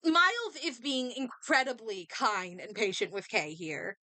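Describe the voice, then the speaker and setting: A woman playing a video game, reading its dialogue and reacting in excitable commentary, swearing and talking back to the characters. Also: a little high, unhurried, no room sound. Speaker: gamer streamer. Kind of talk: let's play commentary. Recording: clear game music behind voice.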